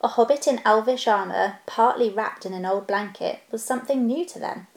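A woman narrating a storybook aloud in a calm, steady storytelling voice. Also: fairly high pitch, moderate pace, creaky. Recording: roomy echo.

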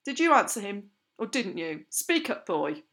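A woman's voice: mid-range voice, sing-song, moderate pace. A woman putting on a barking, bullying old schoolmaster. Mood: menacing. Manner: barking, shouting, contemptuous. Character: harsh, bullying older male schoolteacher, ex-army.

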